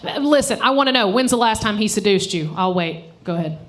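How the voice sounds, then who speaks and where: A woman's voice: mid-range voice, animated, fairly quick, slight background noise. A woman comedian doing a live stand-up set on a stage mic, brash and profane, teasing people in the audience. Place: live comedy show venue.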